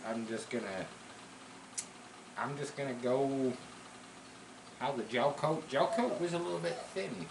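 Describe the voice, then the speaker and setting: A man casually hosting a workshop vlog from his home garage, rambling with lots of fillers. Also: a little high. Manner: rambling, filler-heavy, chatty. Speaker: car builder hosting his workshop channel. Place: home garage with a wood stove. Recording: echoey garage with faint background noise.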